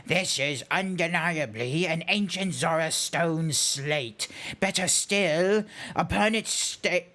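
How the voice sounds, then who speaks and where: A weary old fish-man scholar, as a man puts him on, speaking in slow, formal, drawn-out phrases. The buck-toothed delivery gives his speech a stiff, pompous sound. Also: high voice, bright, forceful tone, exaggerated voice. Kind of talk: voicing game dialogue on a livestream.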